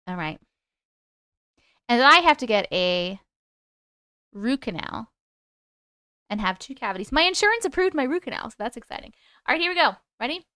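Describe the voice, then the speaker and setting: Long island lady on a livestream, smooth clear voice, dry close mic, gets loud and excited. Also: mid-range voice, moderate pace, pauses often, no echo. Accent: Long Island New York. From Long Island, New York. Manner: loud, excitable, laughing often. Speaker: YouTube live host. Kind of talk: casual live-stream chat. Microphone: close microphone.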